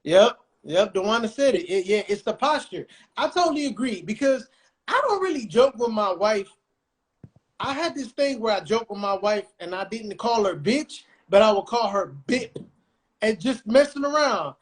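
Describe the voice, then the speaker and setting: A man's voice: high-pitched, lively intonation, moderate pace. A man hosting a podcast, chatting casually and animatedly in laid-back slang. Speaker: podcast host.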